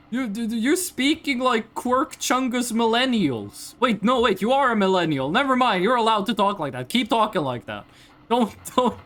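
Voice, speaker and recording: Lively woman streamer. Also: a little high. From Norway. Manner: animated, blunt, swears freely, laughs often. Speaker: VTuber streamer. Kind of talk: casual live-stream chat, reading chat.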